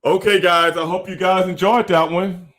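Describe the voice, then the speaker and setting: A man's voice: high-pitched, fairly even intonation, normal speed, fairly bright tone. Emphatic, slangy male podcast host. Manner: emphatic, repetitive, slangy hype talk. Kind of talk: casual interview chat.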